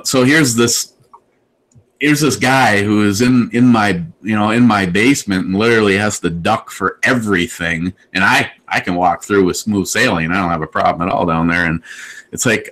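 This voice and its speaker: A man's voice: on the low side, fairly bright tone, poor audio. A man casually telling a rambling story on a live video chat, with lots of restarts and quotes he acts out. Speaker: live show host.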